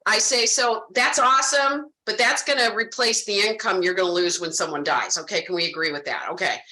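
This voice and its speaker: A woman's voice: medium pitch, fairly quick, pushed and bright, echoey room, low-quality recording. A woman training insurance salespeople, speaking animatedly and directly to her audience and acting out her conversations with clients. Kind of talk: sales training talk with role-played client dialogue.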